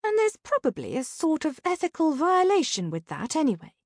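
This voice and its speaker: A woman's voice: a little fast, dry recording, studio quality. A woman reading an audiobook, voicing a wry, teasing female ghost sidekick with sarcastic quips in a raised voice. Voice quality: higher, lively voice.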